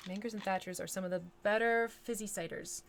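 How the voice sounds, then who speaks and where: A woman hosting a live painting stream talks in an easygoing, conversational way at a mid-range pitch. She thinks aloud and hums bits of nonsense syllables as she paints. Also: steady tone, a little fast, a little hiss or hum. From United States. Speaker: miniature painting livestream host. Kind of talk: casual chat while painting live.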